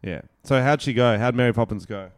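A young man co-hosting a podcast in casual comedic chat, crude, joking and quick to laugh. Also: medium pitch, no room sound, clean studio sound. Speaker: podcast co-host. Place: indoors, in the same room as his co-host.

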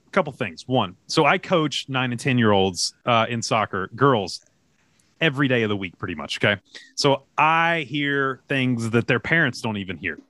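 Middle-aged male podcast co-host, animated storyteller, very expressive pitch. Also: moderate pace, no room sound. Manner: animated storytelling, acts out dialogue. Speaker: podcast co-host, youth soccer coach. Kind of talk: casual podcast chat.

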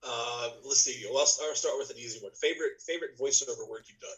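Brief: easygoing male podcast guest, medium pitch, some halting restarts. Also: fairly bright tone, poor audio. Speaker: guest musician. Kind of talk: casual interview chat.

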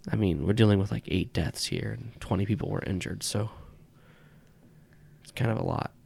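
A man's voice: fairly low pitch, normal speed, creaky, darkish tone, breathy edge. A man running a tabletop horror game as game master, narrating loosely and laughing often.

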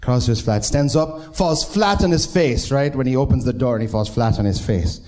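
A man from New York State who owns an improv theater, called up on stage to tell a joke. His voice sits at an ordinary pitch. He keeps losing his thread and drifting into tangents. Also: expressive, normal speed, darkish tone. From New York State, USA. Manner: flustered, wandering into tangents. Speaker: guest from the audience, improv theater owner. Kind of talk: telling a story joke on stage.

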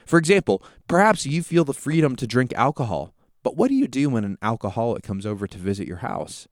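A man's voice: mid-range voice, big pitch swings, brisk, no room sound, clean studio sound. A man hosting a Bible teaching podcast, explaining scripture through vivid, conversational storytelling. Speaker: podcast host.

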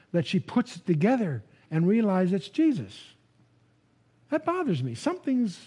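A man gives a Bible lecture to a live audience, his voice pitched high for a man yet mellow and warm in tone. He talks conversationally, restarts phrases with repeated words and puts questions to the listeners. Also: breathy edge. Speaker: Bible teacher.

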